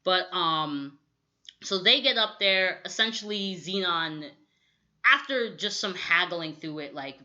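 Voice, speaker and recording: A young woman co-hosting a podcast, recapping a movie in casual chat and acting out quick quotes, with lots of "like". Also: lowish voice. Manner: animated storytelling with quick acted-out quotes, lots of "like". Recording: dull lo-fi audio.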